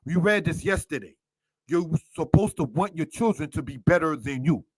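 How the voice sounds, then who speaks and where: A man's voice: fairly high pitch, expressive, moderate pace, husky, no room sound. A man with a slightly raised voice teaches scripture like a preacher. He breaks Hebrew words down one at a time and keeps asking his listeners questions. The sound is close and dry. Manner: preacherly, asks many rhetorical questions, addresses listeners as brothers and sisters; spells out Hebrew words line by line. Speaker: Torah teacher. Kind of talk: scripture lesson.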